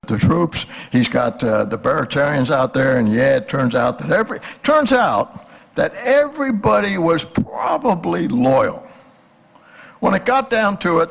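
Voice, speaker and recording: A man's voice: mid-range voice, creaky, husky. An older man giving a conversational history lecture, asking the audience rhetorical questions.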